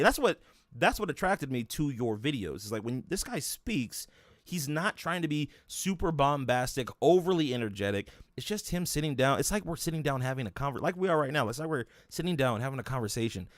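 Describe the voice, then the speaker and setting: A man's voice: mid-range voice, no room sound, clean studio sound. A young man hosting an interview, talking in a rambling casual way with many restarts and fillers. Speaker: podcast host interviewing a guest.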